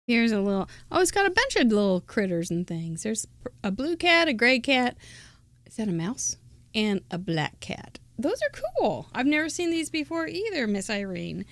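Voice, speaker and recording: A woman's voice: a little high, very animated, moderate pace, fairly bright tone, no room sound. An older woman hosting a live crafting show, chatting casually and giggling as she thinks aloud. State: out of breath.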